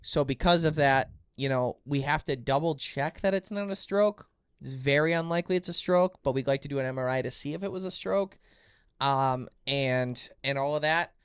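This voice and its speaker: A man tells a story on an outdoors podcast, animated and acting out each quoted line. His voice is smooth and resonant, recorded close and dry. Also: on the high side, no room sound. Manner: animated, acts out quoted dialogue. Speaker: podcast co-host. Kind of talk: casual storytelling chat.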